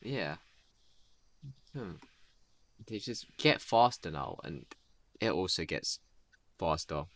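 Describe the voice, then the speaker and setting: A man's voice: low voice, expressive, slow, long pauses, a bit bright. A man casually improvising a rambling story, slipping into character voices. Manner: rambling, laid-back, voices characters in quotes.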